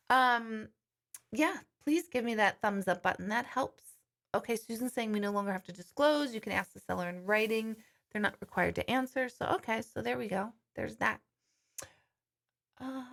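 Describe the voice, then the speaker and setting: A woman's voice: fairly high pitch, creaky, a bit bright. A woman hosting a live-stream question and answer session as a psychic medium, chatting casually and reading viewer comments aloud.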